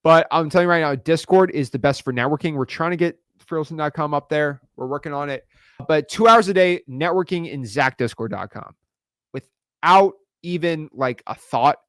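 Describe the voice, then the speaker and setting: A young man coaching real estate wholesaling in an energetic online course style, hyped and slangy with rapid repeated words. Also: fairly high pitch, clean tone, dry recording, clean studio sound.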